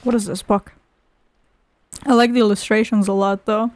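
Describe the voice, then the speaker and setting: A woman's voice: on the high side, moderate pace, no echo. A woman streaming a horror game, swearing and mock-scolding, with a sing-song manner when she reads a storybook aloud. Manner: foul-mouthed, mock-angry, sarcastic. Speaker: gameplay streamer. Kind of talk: profane gameplay commentary.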